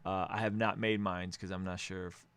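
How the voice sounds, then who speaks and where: A man's voice: deep voice, flat delivery, moderate pace, fairly bright tone, clear, resonant tone. A man hosting a casual music review, upbeat and joking as he gives feedback on songs.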